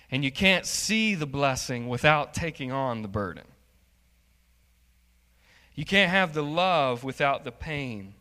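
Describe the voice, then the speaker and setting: A man preaching a sermon as pastor, slow and emphatic, building in intensity. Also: medium pitch, bright, forceful tone, clear, resonant tone, long reverb tail.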